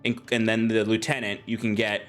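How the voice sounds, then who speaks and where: A man's voice: on the low side, little pitch movement, fairly quick, fairly bright tone, soft background music. A man narrating a tabletop game as game master, with plenty of ums and restarts. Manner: hesitant, filler-heavy narration.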